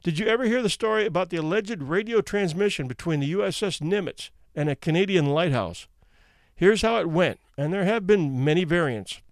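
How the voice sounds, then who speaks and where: A man's voice: sits high, expressive, brisk, no echo, clean studio sound. A man reading out anecdotes in a wry, conversational storytelling manner. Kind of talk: casual read-aloud narration.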